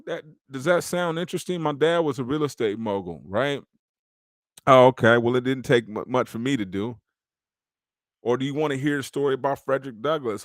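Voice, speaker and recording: Male podcast host, casual and preachy motivational talk, average pitch, dry close mic. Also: no room sound.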